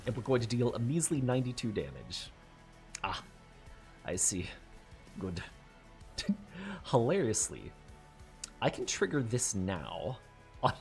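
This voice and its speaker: A man narrating his own card game run in loose, casual commentary, his pitch leaping all over the place as he curses and laughs at his own blunders. His voice sits at an ordinary middle height, with faint game music playing underneath. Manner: frustrated, swears often, laughs at his own mistakes. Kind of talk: casual let's-play commentary.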